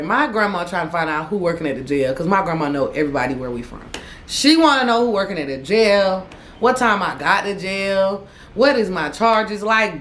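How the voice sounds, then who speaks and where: A woman's voice: mid-range voice, lively intonation, moderate pace, a bit bright, reverberant. A young adult woman vlogger telling a dramatic story, acting out the quotes. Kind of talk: storytime vlog.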